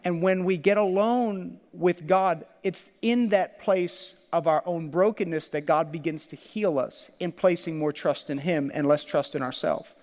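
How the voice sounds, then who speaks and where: High-voiced pastor preaching in a hall. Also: male voice, measured pace, hardly any pauses. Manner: animated, laughs often, acts out quoted lines. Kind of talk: sermon.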